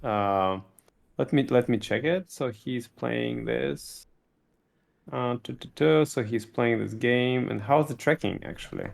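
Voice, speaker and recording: A man with a Russian accent co-hosts a casual tech podcast, talking energetically with many repeated words and restarts. His voice is mid-range with vocal fry, and he speaks a little slowly.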